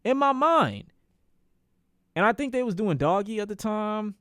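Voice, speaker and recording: Young male streamer, slightly high voice, animated profane storyteller, repeats himself, dry close sound. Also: a little slow, clear, resonant tone, no echo. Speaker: streamer telling a personal story. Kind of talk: casual storytelling.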